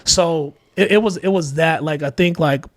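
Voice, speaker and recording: A father, appearing as a podcast guest, shares candid, heartfelt stories about fatherhood in casual conversation, using lots of "like" and other fillers and acting out quoted voices. His voice is on the high side at a normal speed, and the clean studio sound has no room echo.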